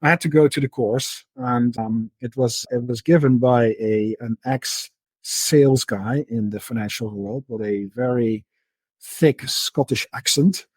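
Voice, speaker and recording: A middle-aged man with a husky, slightly breathy voice speaks as a podcast guest. He explains his ideas in a loose storytelling manner, stumbling over and repeating words as he goes. The recording is dry and close, with no room sound. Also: mid-range voice, measured pace, no echo. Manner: repeats words and restarts often, relaxed storytelling. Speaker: podcast guest, market analyst. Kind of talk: conversational interview.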